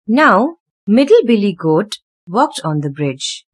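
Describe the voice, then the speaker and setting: A woman reading a children's fairy tale aloud with expressive, sing-song storytelling. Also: mid-range voice, slow, slightly rough.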